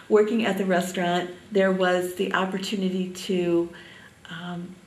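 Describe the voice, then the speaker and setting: An older woman from Indiana reminiscing in an oral history interview, halting often with ums. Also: lowish voice, vocal fry, echoey room, distant mic, low-quality recording.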